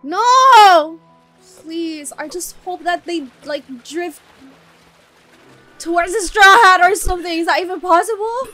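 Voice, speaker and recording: Woman, high bright voice, emotional exclamations, faint soundtrack behind. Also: steady tone, measured pace, faint music behind. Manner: emotional, exclaims and shouts often. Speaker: anime reaction channel host. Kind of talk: live reaction to an anime episode.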